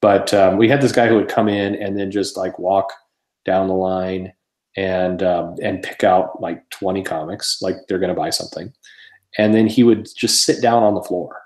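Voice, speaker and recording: A comic shop owner chats on a casual podcast in a low, steady, darkish voice at normal speed, telling rambling stories laced with swearing and laughter. The recording is reverberant.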